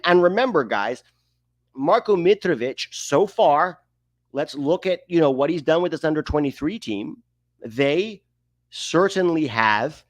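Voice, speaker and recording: Man, stream host, opinionated sports commentary, rhetorical asides, mid-pitched voice, dry close sound. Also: dry recording. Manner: emphatic, opinionated, asks rhetorical questions. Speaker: host of a soccer livestream. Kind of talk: casual livestream commentary.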